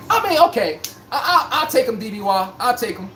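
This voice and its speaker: His voice sits high and is a bit bright, very animated and fairly quick, with slight background noise behind it. He's a sports podcast host on a live stream, rambling in casual, slangy, joking chat.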